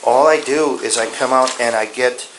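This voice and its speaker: A man's voice: mid-range voice, moderate pace. A male police investigator questioning a suspect in a blunt, firm way, recorded on a bodycam. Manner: blunt, firm, repeats commands. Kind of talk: bodycam interrogation. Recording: bodycam with clear noise.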